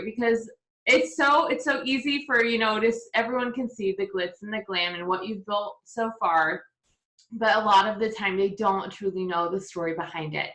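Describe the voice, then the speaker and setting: A woman's voice: fairly high pitch, a bit bright, roomy sound, rough recording. A woman hosting a video call, introducing her guest in a gushing, effusive way. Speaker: host.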